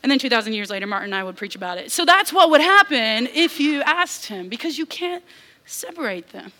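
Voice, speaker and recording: A young woman preaching a sermon, animated, with casual asides and acted-out voices. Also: fairly high pitch, a little fast.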